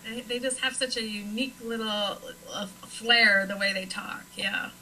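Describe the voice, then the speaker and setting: A woman's voice: medium pitch, fairly even intonation, measured pace, bright, forceful tone, a little hiss or hum, poor audio. A woman from Nebraska chatting casually as a guest, with frequent fillers. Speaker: paranormal investigator guest. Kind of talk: casual chat.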